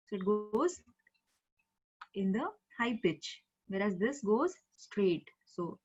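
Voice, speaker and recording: A woman's voice: medium pitch, unhurried, breathy edge. A woman teaching an online language class, explaining patiently step by step. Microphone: video call. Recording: dull lo-fi video call audio.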